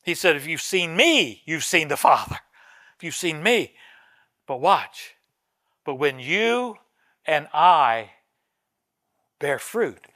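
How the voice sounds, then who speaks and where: A man preaching a sermon as pastor, telling a story with swings from soft asides to loud emphatic lines. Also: a little high, very animated, slow, pauses often, no room sound, studio quality. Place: church sanctuary.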